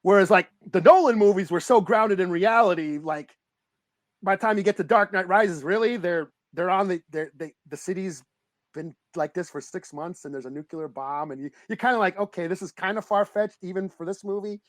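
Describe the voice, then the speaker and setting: A man co-hosting a podcast, chatting casually about a movie, rambling, excitable and swearing freely. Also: sits high, normal speed, no echo, clean studio sound. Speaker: podcast co-host. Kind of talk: casual movie review chat.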